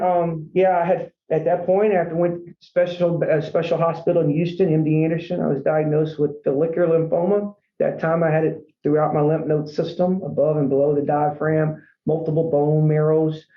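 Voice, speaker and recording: A man's voice: fairly high pitch, steady tone, brisk, few pauses. Earnest man in an echoey room. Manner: earnest, rambling, peppers speech with "man". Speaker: franchise company CEO, podcast guest. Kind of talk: casual storytelling interview. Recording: echoey room, dull lo-fi sound.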